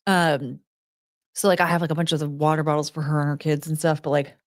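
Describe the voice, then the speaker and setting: A woman's voice: sits low, little pitch movement, quick pace, dry recording, studio quality. A woman livestreamer chatting casually in a rambling way, with lots of fillers.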